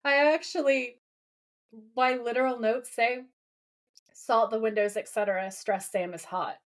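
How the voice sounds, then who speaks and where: A woman's voice: a little high, fairly even intonation, measured pace. A woman co-hosting a podcast, chatting casually as she recaps a TV episode and reads out lines from it. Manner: retells scenes by reading out lines, with many fillers. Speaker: podcast co-host.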